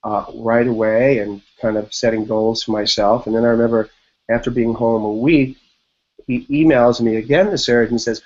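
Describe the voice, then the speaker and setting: A man in his fifties sits in as a podcast guest and tells his story in a relaxed, meandering way, with fillers all through it. His voice sits at an everyday middle pitch for a man. The recording sounds a bit dull and lo-fi. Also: normal speed. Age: 50s. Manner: rambling, loose retelling full of "like" and "you know". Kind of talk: casual interview storytelling.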